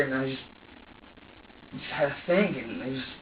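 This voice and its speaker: A man talks in an agitated, profane rush, halting and restarting as he recounts what happened. His voice sits at a middling pitch and is picked up from a distance. The low-fi recording is roomy and muffled, with faint noise underneath. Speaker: suspect in an interrogation. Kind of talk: recounting events to an interviewer. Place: interrogation room.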